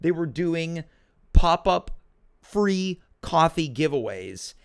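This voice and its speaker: A man hosting a casual solo livestream Q&A from home, talking in an animated, rambling, self-deprecating way. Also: on the high side, takes it slowly, smooth. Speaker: talk show host.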